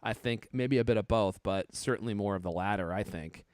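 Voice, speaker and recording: A man's voice: lowish voice, a little fast, a little mellow, no room sound, clean studio sound. A man in his thirties co-hosting a podcast, joking and teasing his co-host in casual chat. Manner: playful, teasing, laughs often.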